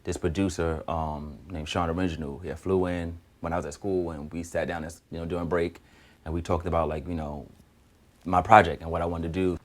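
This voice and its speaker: A young man with a very low voice tells his story in a loose, conversational way. He slips into other people's voices as he goes, keeping the telling lively. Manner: lively, acts out other people's lines in quick back-and-forth. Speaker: guest singer. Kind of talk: casual storytelling.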